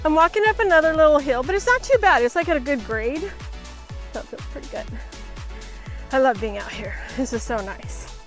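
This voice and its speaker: High-voiced woman chatting on a hike. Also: animated, fairly quick, faint music behind. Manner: chatty, chuckles often, talks to her dog. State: a little out of breath. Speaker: travel vlogger. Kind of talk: casual chat while hiking. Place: outdoors on a hillside trail. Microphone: handheld pocket camera.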